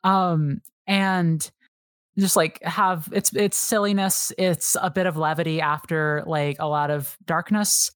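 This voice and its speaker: A woman's voice: on the low side, fairly even intonation, slow pace, no room sound, studio quality. A woman guest on a podcast, talking casually and eagerly, rambling with many fillers and restarts. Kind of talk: casual chat.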